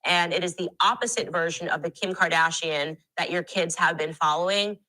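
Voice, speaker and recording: Sharp, bright-toned woman commentator. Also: on the low side, normal speed, rough recording. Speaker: commentator in a played clip.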